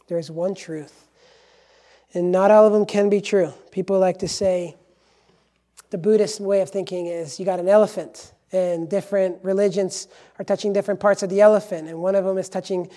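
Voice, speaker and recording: A man preaching a sermon, emphatic, swinging from loud declarations to hushed asides. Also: high voice. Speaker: pastor.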